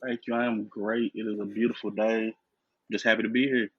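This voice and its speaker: A man is a guest on a podcast and chats in a relaxed, easygoing way, laughing often. His voice is a little husky. The sound is dry and slightly dull, like muffled remote audio. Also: fairly low pitch, a little fast, no echo. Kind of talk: casual interview chat.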